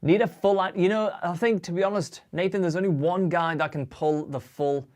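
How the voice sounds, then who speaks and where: A man's voice: sits high, steady tone, moderate pace, darkish tone. A young man hosting a guitar livestream, chatting casually and cheerfully with viewers and reading out their comments. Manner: chatty and upbeat, greets viewers and reads chat aloud. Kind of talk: casual live-stream chat.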